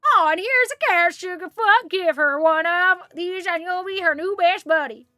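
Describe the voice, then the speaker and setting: A woman's voice: very high-pitched, moderate pace, sharp tone, no echo, voice pushed up. A woman putting on a drawling Southern villager. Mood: folksy. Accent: attempted American Southern.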